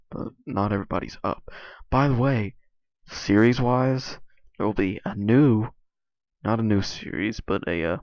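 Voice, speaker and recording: A man's voice: lowish voice, no echo. Young male vlogger, hesitant and filler-heavy, tired sore voice, lo-fi recording. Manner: hesitant, many restarts and "like" fillers. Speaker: YouTuber. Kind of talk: casual rambling vlog monologue.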